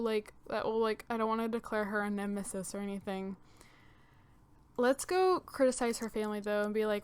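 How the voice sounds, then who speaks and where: A woman's voice: fairly high pitch, clean tone. A young woman casually commenting on her own gameplay, thinking aloud with lots of fillers as she decides what to do next. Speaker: gaming channel host. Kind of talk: casual let's-play commentary.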